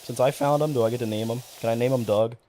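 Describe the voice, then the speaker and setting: A man's voice: mid-range voice, fast, slight background noise. A young man chatting casually on a livestream, rambling, cursing freely and getting worked up as he talks. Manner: rambling, profane, excitable. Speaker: streamer.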